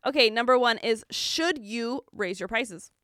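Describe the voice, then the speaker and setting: A bright, crisp-voiced young woman co-hosting a podcast, talking in a bubbly, chatty way. Her sound is clean and dry, close to the mic. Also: on the high side, lively intonation, measured pace, no echo. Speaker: podcast co-host. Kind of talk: casual podcast chat.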